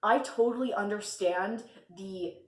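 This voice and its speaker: A woman's voice: mid-range voice, a little slow. Brief: young woman, casual storytime vlogger, giggly and rambling, roomy echo. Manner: chatty, laughs often, lots of fillers. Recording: echoey room.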